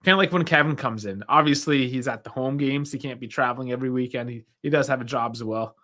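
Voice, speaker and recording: A man's voice: mid-range voice, quick pace, sharp tone. A young man hosting a football watch-along stream, chatting casually, reacting aloud with sighs and laughs and talking to his chat. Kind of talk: casual live match commentary.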